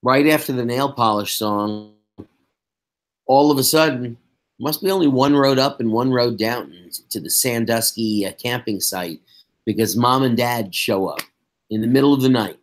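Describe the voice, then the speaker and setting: A man's voice: medium pitch, moderate pace. A middle-aged man co-hosting a podcast, recapping an episode in a wry, sarcastic casual chat. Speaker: podcast co-host.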